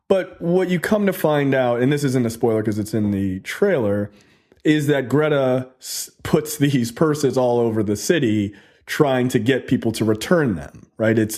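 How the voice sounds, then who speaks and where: A man's voice: mid-range voice, darkish tone. A man hosting a podcast, giving a casual movie review in a chatty, loose way full of fillers. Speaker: podcast host.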